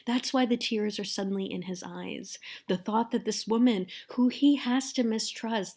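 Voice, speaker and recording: A woman's voice: mid-range voice, a little mellow. A woman film lecturer talking through a scene in an earnest, emotive way, often checking in with her class.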